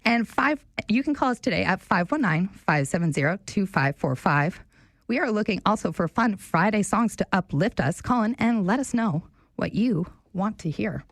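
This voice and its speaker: Young radio host, woman, animated and chatty, dry studio sound. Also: mid-range voice, normal speed, no echo. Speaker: radio show fill-in host. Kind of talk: casual talk radio chat.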